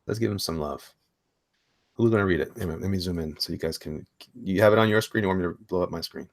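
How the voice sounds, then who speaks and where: A man hosting a casual online chat about indie comics, excitable and rambling, laughing often. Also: low voice, fast, no echo, clean studio sound. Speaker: host.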